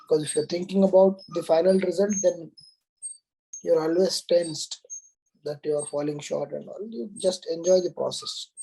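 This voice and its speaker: Mellow-voiced man teaching an online class. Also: on the high side, fairly even intonation, moderate pace, vocal fry, breathy edge, rough recording. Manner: explanatory, repeats the question and asks the class to confirm. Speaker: exam coaching teacher.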